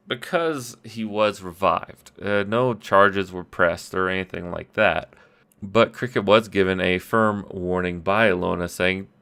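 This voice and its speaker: On a casual solo recap podcast recorded with an audio-only mic, a man recaps the tabletop session he ran as game master. His voice is low, pushed, bright and smooth, and he rambles self-deprecatingly with restarts and quick quoted voices.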